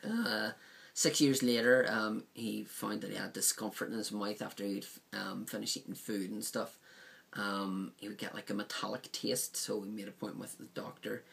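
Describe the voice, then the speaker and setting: A man's voice: on the low side, steady tone, normal speed, gravelly, fairly bright tone. A man casually reviewing a DVD set, rambling with frequent ums and likes.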